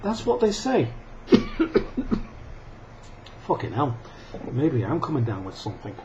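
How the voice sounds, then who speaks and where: Here a man vents furiously at the camera in a foul-mouthed monologue, laughing and coughing between rants. The vlogger's medium-pitched voice swoops wildly and moves a little slowly, and the recording is dull, lo-fi and faintly noisy.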